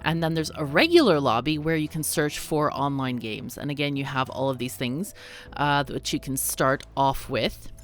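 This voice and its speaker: A woman's voice: a bass voice, normal speed, soft background music. A woman hosting a let's play, giving chatty, bubbly commentary on a game and laughing often. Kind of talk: casual gameplay commentary.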